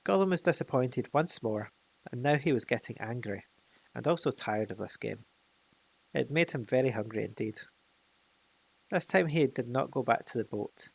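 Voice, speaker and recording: Gravelly man reading a storybook. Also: medium pitch, expressive, moderate pace, pauses often, low-quality recording. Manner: unpolished reading with slips and restarts. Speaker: narrator.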